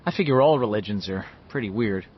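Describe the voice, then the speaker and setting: A man's voice: lowish voice, animated, fast talker, muffled recording, a little hiss or hum, close to an everyday voice. A man narrating a story voices a wisecracking young boy who teases his friends in an offhand way. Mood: teasing. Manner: teasing, offhand.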